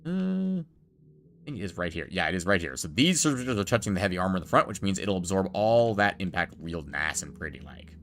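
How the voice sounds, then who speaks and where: Low-voiced man chatting over gameplay. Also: very animated, brisk, fairly bright tone, slight background noise. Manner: chatty, joking, talks to chat. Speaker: gameplay streamer. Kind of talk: relaxed gameplay commentary.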